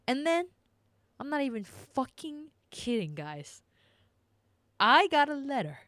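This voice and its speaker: A woman streamer telling a story to her live chat in a casual, animated way, swearing freely and sounding exasperated. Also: high voice, takes it slowly, dry recording, studio quality.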